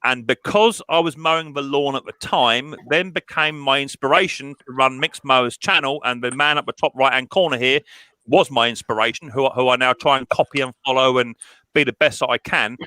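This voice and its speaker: A man's voice: mid-range voice, a little fast, bright, forceful tone, smooth, no echo. A man hosting a live stream chat, telling a personal story with many restarts and repeated words. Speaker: mower repair channel host.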